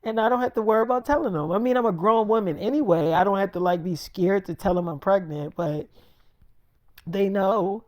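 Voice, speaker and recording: A woman's voice: medium pitch, fairly quick, a little mellow, no room sound, close to an everyday voice. A storyteller voicing a bold, pushy young pregnant girlfriend who talks bluntly and pleads her case. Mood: insistent.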